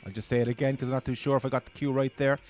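A man's voice: mid-range voice, flat delivery, racing, darkish tone, faint music behind. A man with a Cork accent, chatting casually and rambling through his first gaming commentary as a channel host. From Ireland.

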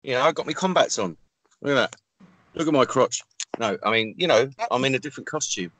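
A man co-hosting an improvised comedy chat, with a dry and playful deadpan manner. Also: mid-range voice, fairly quick, slight background noise. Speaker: comedy co-host.

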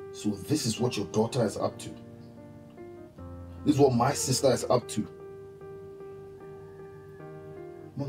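A man's voice: lowish voice, natural voice. An actor playing a betrayed young father who accuses his mother with repeated, demanding questions. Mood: bitter. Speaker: son confronting his mother. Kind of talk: TV drama acting.

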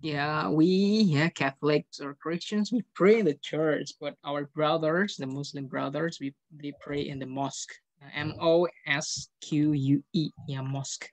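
Patient slow-talking Indonesian teacher. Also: male voice, a little high, fairly even intonation. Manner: patient, calls on pupils by name and explains grammar step by step. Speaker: English teacher. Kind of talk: online class teaching. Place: online meeting from home. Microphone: video call.

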